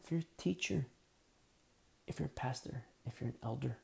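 A man delivers a sermon in a gravelly, low-toned voice with a mellow edge. He repeats his points insistently and moves between hushed, almost whispered lines and loud, forceful ones. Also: moderate pace. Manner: emphatic and repetitive, dropping to near-whispers then rising loud. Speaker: preacher.

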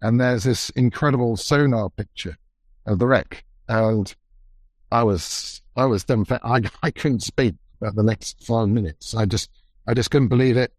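A man who led an expedition, recounting events in a measured, reflective, halting way during a conversation. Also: medium pitch, a little mellow, no room sound. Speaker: expedition leader.

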